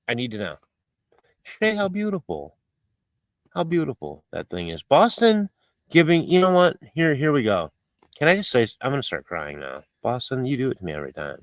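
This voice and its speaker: A man's voice: medium pitch, no echo. A man hosting a casual livestream, chatting in a rambling, playful, mock-fussy way as he reads viewer comments. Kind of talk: casual live-stream chat. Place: home, outdoors at night.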